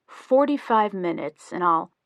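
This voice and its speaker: A woman's voice: fairly low pitch, lively intonation, unhurried, gravelly, no echo. A woman reading the lines of a playful young husband in an audiobook, joking and teasing. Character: easygoing playful young husband, rock musician.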